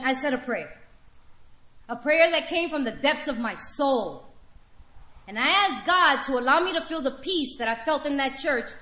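A woman with a high, bright voice shares her recovery story to a meeting room. She talks candidly, slipping wry humor into hard memories. Her voice rings with the roomy echo of the hall. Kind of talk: personal testimony share.

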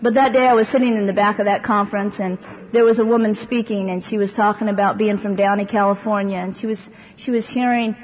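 A woman's voice: medium pitch, fairly even intonation, fast. A woman stands before an audience at a meeting and tells her life story, wandering and chatty, dropping in asides and dry jokes. Her voice carries through a long, echoey hall. The recording is dull and muffled, with a faint hiss underneath. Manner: conversational and rambling, with many fillers and wry humor. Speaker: speaker sharing her recovery story at a twelve-step meeting. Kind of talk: personal testimony talk to a live audience.

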